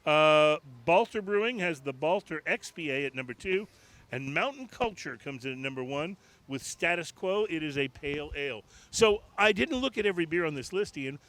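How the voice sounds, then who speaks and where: A podcast co-host recorded on location in a bar rambles casually through a list, often restarting and using fillers. His voice is a little high and fairly bright, expressive, and delivered at normal speed.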